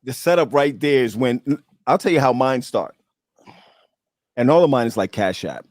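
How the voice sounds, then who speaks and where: A man in his forties hosting a casual chat, animated and emphatic, repeating key words. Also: mid-range voice, moderate pace, dry recording, studio quality. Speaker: host.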